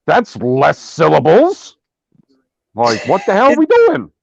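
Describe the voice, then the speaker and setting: A man's voice: on the high side, wildly swooping pitch, slow pace, vocal fry, darkish tone, no room sound, dull audio. A man co-hosting a casual podcast, exasperated and incredulous, cursing freely. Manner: swears a lot, exasperated, incredulous.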